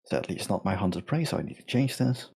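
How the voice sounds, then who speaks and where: A man with a fairly low, husky voice, playing a tabletop game with friends. He talks in a laid-back, matter-of-fact way. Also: expressive, quick pace, a little mellow. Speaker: player. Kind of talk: casual tabletop play.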